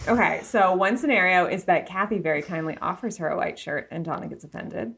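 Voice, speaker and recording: A woman's voice: on the low side, brisk, creaky, a bit bright. Playful woman guest, joking along. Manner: playful, jokey, laughs at her own guesses. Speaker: podcast guest. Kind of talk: casual chat.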